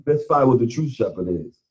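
A man teaching scripture in call-and-response, pressing his listeners with repeated questions. His pitch swings widely as he drives each point home. He is picked up from across the room. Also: lively intonation, measured pace, a little mellow, recorded from a distance, lo-fi sound. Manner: emphatic, questioning, repeats phrases. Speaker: teacher leading Bible study.

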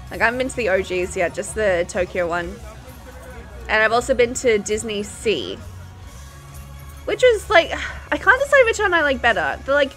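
A woman in her twenties chatting casually as a YouTuber in a reaction vlog, gushing and excitable and laughing often. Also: on the high side. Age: 20s.

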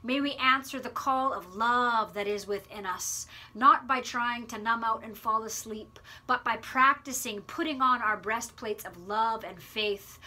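A woman preaching a sermon to a school community, animated and expressive, closing with a prayer. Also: fairly high pitch.

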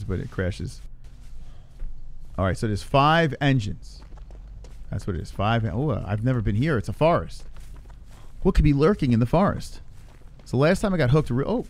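Swearing often and jumping at every fright, a man streams a horror game live from his home computer setup and laughs at his own mistakes. His medium-pitched voice is animated and moves at normal speed, though he pauses often during the commentary.

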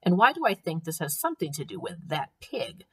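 A woman's voice: on the low side, big pitch swings, brisk, husky, exaggerated voice. A woman reading aloud and voicing a stern, bossy older woman who grumbles and speaks haughtily. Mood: indignant.

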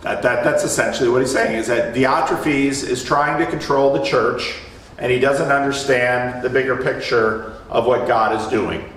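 A man's voice: mid-range voice, steady tone, moderate pace, fairly bright tone, slight background noise. Man teaching a Bible study in an echoey room. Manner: explanatory, storytelling, restarts phrases. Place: church meeting room. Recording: echoey room, mic from a distance.

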